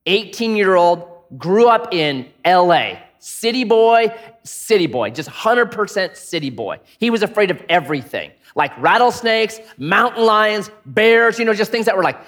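Preaching in a high voice at normal speed, this middle-aged pastor is an animated storyteller. He tells an anecdote within his sermon, acting out voices and adding jokes.

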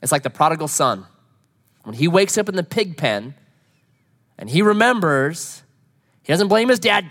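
A man's voice: fairly high pitch, moderate pace, long pauses. A man preaching a sermon, retelling scripture in a conversational way and voicing the characters, laughing at his own jokes. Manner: animated, acts out quoted lines, laughs at own jokes. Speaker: pastor.

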